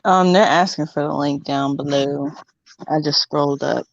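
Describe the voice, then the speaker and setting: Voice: mid-range voice, steady tone, moderate pace, gravelly, dry recording. A hesitant guest speaks on a livestream, stopping often on fillers. The audio is dull and dry. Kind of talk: casual chat.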